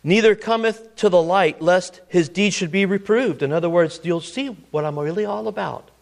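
In a creaky voice at normal speed, a middle-aged man gives a sermon, prodding listeners with "listen" and "ready?" as he alternates dramatically between loud, booming lines and whispered asides.

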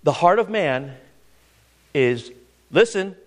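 A middle-aged male preacher with a high, gravelly voice that leaps all over the place. He swings from booming declarations to hushed asides, keeps checking in with "listen" and "ready?". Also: big pitch swings, fairly quick. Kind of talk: sermon.

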